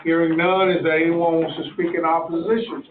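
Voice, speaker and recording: A man's voice: fairly high pitch, little pitch movement, fairly quick, slight background noise. Man chairing a county hearing. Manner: plain, procedural. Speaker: board chairman. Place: county meeting room. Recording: echoey, tinny, far from mic.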